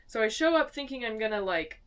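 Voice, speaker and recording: A woman's voice: fairly high pitch, fairly quick, far from the mic. A young woman from Arizona, co-hosting a podcast, telling stories in casual chat and acting out the quotes. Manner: storytelling, acting out quotes in lively voices. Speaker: podcast co-host. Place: small home studio.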